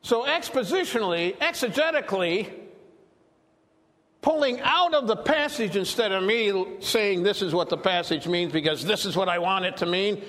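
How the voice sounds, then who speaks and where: Animated preacher in a reverberant hall. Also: male voice, high-pitched, moderate pace. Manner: animated, acts out quoted lines. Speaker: pastor. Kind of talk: expository sermon.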